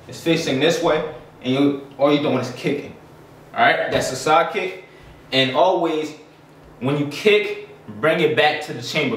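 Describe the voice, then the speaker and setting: Breathless karate teacher in echoey room. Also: male voice, on the high side, fairly bright tone, slight background noise. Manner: demonstrating kicks while talking, loose and chatty. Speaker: karate instructor. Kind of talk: casual martial arts lesson. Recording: echoey room, mic from a distance.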